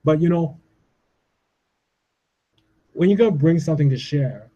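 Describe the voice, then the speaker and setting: This ranting monologue comes from a Canadian man in his forties, swearing and worked up, ending each point with "all right?" He speaks a little slowly in a warm, higher-leaning voice, and the audio sounds dull.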